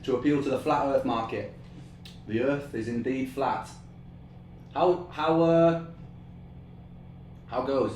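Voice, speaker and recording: A man hosts a live stream in a loose, rambling chat, swearing and laughing as he goes and sweating from the heat. His voice sits at an ordinary pitch and rings around an echoey room. A faint hum of ambience sits underneath. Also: slow, pauses often, darkish tone. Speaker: musician hosting a live stream. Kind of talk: casual chat. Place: indoor room, streaming setup.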